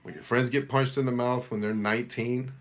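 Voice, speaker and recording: A middle-aged man hosting a live coaching Q&A, reading viewer comments aloud and giving direct, energetic, motivational advice in a casual way. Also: medium pitch, fairly quick.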